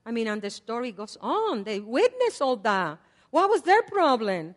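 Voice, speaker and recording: An older woman preaching a sermon in a conversational way. She swings between loud repeated prayers and soft asides. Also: fairly high pitch, big pitch swings, normal speed. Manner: conversational, with fillers and laughs. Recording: long hall reverb.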